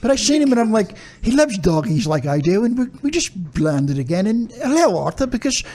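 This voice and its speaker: A man putting on a fussy fake English accent, playing a pompous gentleman who says "because" constantly. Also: high-pitched, sing-song, a little fast. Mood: chummy. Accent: put-on English, Cockney-ish. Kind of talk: comic impression on a podcast.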